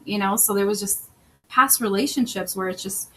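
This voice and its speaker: Speaking at a moderate pace in a medium-pitched, pushed and bright voice, a woman who coaches self-love and hosts a podcast talks earnestly about relationships. In this conversational personal monologue she voices other people as she retells stories, and the audio quality is poor.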